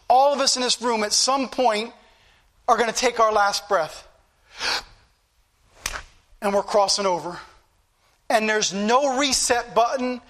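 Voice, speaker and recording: A man's voice: extremely high pitch, a bit bright. A middle-aged man preaching a sermon with impassioned emphasis and shifting pace. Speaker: pastor.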